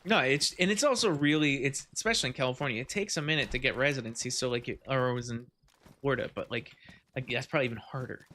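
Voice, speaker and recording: A man hosts a podcast while gaming, chatting casually and rambling with lots of swearing and frequent laughter. His voice is medium-pitched, bright, and forceful, and he talks fast.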